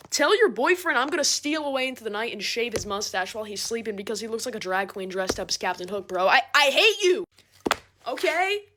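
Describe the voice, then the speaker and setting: A young woman doing a casual, sarcastic comedic monologue, animated and quick to laugh. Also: mid-range voice, noisy background. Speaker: comedic creator.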